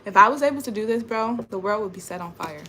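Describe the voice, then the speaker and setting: Bright-voiced young woman venting emphatically. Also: medium pitch, animated, fast talker, slight background noise. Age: young adult. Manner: emphatic and repetitive, frustrated venting. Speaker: vlogger. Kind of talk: ranting spiritual vlog monologue. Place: at home indoors. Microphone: phone camera.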